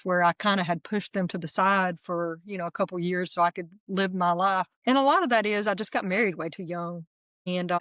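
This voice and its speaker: Woman, middle-aged, guest testimony, earnest halting storytelling, dry close sound. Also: on the low side, no echo. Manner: earnest storytelling, with frequent restarts and soft laughs. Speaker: interview guest sharing her testimony. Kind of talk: emotional personal testimony.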